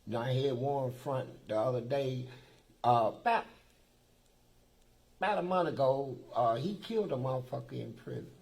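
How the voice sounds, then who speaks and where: A man's voice: mid-range voice, expressive, normal speed, creaky, pauses often, darkish tone, poor audio. A man from Kentucky telling profane, streetwise stories in casual talk as an interview guest, acting out the dialogue. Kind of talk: casual storytelling.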